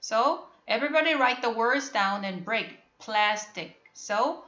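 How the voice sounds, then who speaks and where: Slow, bright-voiced woman teaching phonics. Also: a little high, lively intonation, roomy sound, lo-fi sound. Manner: slow, patient, repeats questions to prompt students. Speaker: English teacher. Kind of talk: online phonics lesson.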